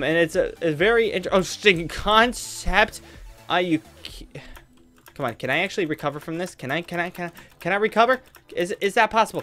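Young male gamer, a bit high-voiced, muttering then blowing up at the game, faint music underneath. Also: pushed and bright. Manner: frustrated, talks to himself, swings between mutters and outbursts. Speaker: gaming youtuber. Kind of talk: gameplay commentary.

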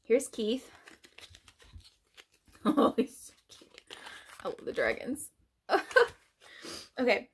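A woman's voice: on the high side, sing-song, very slow, long pauses, a little hiss or hum. A woman vlogger chatting casually through an unboxing, gushing and laughing often.

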